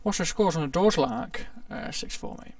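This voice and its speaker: A British man giving excitable, grumbling commentary over his own gameplay. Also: fairly high pitch, recorded from a distance. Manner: excitable, quick to mock and grumble. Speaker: gaming video host.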